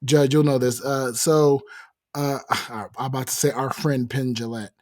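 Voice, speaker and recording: An American man hosting a podcast, chatting casually and telling animated stories with playful accent mimicry. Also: medium pitch, measured pace. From United States. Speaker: podcast host. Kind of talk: casual chat.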